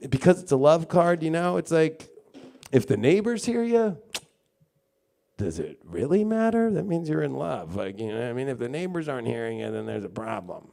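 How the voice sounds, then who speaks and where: A man's voice: mid-range voice, creaky, a little mellow. A man giving a casual live-stream tarot and astrology reading, rambling, swearing freely and acting out mocking quotes. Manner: rambling, filler-heavy talk.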